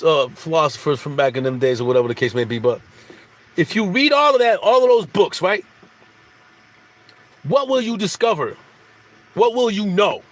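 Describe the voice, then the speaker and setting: Rambling, preachy man. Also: fairly high pitch. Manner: rambling and preachy, repeats phrases, many fillers and restarts. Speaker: spiritual speaker. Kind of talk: casual spiritual monologue.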